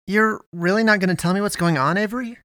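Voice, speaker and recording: A man voicing a bewildered, anxious young man lost after death, his questions jumping up in pitch. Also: expressive, a little slow, a bit bright, no room sound, studio quality. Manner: rising, incredulous questions.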